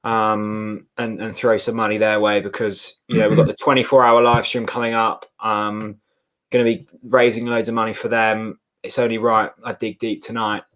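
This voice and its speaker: A man's voice: fairly low pitch, little pitch movement, moderate pace, a bit bright. A man co-hosting a football watchalong, rambling gratefully with lots of fillers. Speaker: fan channel co-host. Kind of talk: casual watchalong chat.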